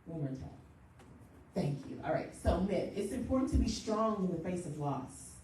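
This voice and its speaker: A woman grief counselor leading a church workshop, talking in a lively way and acting out quick everyday quotes. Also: lowish voice, a little hiss or hum. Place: church hall. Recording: echoey room, voice from far off.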